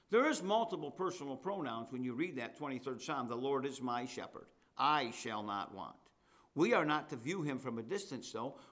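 A man preaching a sermon, reading scripture aloud and rising in pitch and force at the high points. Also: a bit bright.

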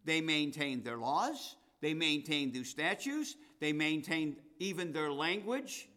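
Reading scripture aloud, a man preaches a sermon in a voice a little high for a man. He's animated yet slow, rising to loud, emphatic declarations on his main points before dropping into soft, offhand asides.

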